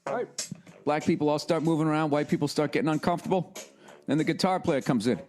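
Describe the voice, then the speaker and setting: High-voiced man in a profane comedy rant. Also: fast, over music. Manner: profane, ranting, sarcastic.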